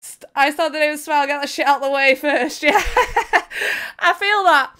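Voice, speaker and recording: A woman hosting a live stream, talking to her viewers in a loud, excitable way. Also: high voice. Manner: excitable, loud, fast-shifting energy. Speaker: streamer host.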